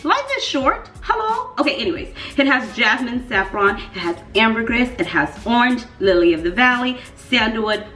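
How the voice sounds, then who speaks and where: A woman talking casually to her viewers, animated and playful, leaning on emphatic repeats. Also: fairly high pitch, moderate pace, few pauses, faint music behind. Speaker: fragrance reviewer. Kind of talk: casual vlog review. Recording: echoey room.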